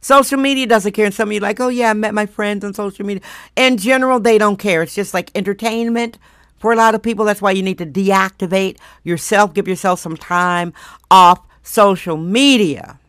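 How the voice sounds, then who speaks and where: A woman hosting her own podcast, talking bluntly and emphatically, her voice slightly hoarse from recent strain. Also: mid-range voice, a bit bright, no echo, clean studio sound. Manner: blunt, emphatic, drawn-out stresses. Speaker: podcast host. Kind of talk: opinionated monologue.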